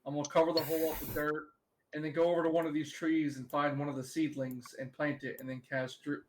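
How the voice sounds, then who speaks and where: A man's voice: on the high side, little pitch movement, fast talker, rough recording. Laid-back man playing a tabletop game. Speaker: player. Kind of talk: casual tabletop play over voice chat.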